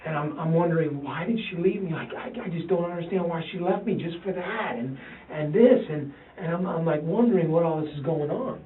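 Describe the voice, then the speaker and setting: Distressed father, stammers and repeats himself, taped in an interview room, tinny and far off. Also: on the high side. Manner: halting, repeats himself, quotes his sons. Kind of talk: police interview recording. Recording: tinny, roomy, distant interview-room recording.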